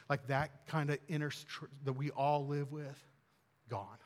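A man's voice: fairly high pitch, fairly even intonation, unhurried, big-room sound. A man preaching a sermon as a pastor, earnest and conversational, repeating phrases and rising for emphasis.

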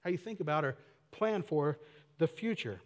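A man's voice: a little high, lively intonation, normal speed. A man preaching a casual, conversational sermon, asking rhetorical questions with small laughs. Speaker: pastor. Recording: long hall reverb.

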